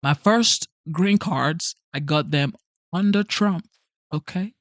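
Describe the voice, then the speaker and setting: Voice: medium pitch, takes it slowly, no echo. A naturalized immigrant hosting a political commentary channel, ranting emphatically in slangy speech and repeating punchlines. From immigrant, naturalized in the United States.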